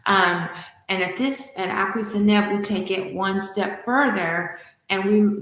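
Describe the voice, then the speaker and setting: A woman hosting a spiritual livestream, teaching and telling a myth with enthusiastic, animated delivery. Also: mid-range voice. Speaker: spiritual study host. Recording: echoey room.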